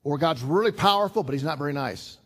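A man's voice: a little high, expressive, fast talker, fairly bright tone. An older man preaching a sermon in an earnest, conversational way. He repeats himself often and builds to emphatic rises. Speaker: pastor.

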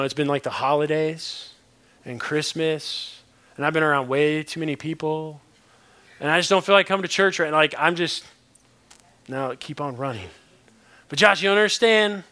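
Brief: pastor doing a whiny, rambling churchgoer guy, hesitant, voice a bit high and bright. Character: reluctant churchgoer man making excuses.

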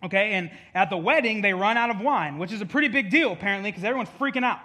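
A man's voice: high voice, animated, fast, bright, forceful tone. A male pastor giving a conversational sermon, with jokey asides and acted-out quotes, in a church.

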